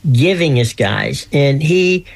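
A man's voice: mid-range voice, expressive, slow pace, gravelly. Man in his 60s, rambling phone storyteller. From Pennsylvania. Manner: rambling storyteller, many restarts, laughs often. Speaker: guest. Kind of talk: casual chat. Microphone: phone line.

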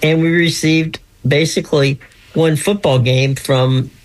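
A man's voice: on the high side, fairly even intonation, unhurried. A man in his sixties, originally from Pennsylvania, telling rambling stories as a guest over the phone, full of restarts and little laughs. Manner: rambling storyteller, many restarts, laughs often. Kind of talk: casual chat. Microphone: phone line.

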